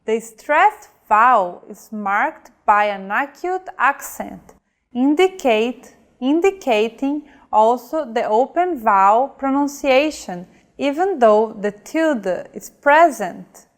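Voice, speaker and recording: Slow, careful woman teacher. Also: on the high side, animated. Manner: slow, careful delivery, modelling example words. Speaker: language teacher. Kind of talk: scripted lesson narration.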